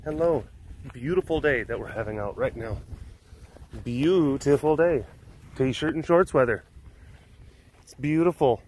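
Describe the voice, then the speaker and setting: A man's voice: medium pitch, a little slow, long pauses, a little mellow, a little hiss or hum. A man hosting a casual walking vlog outdoors at an animal compound, playfully cooing at the cats as he goes. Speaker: vlog host at a big cat facility.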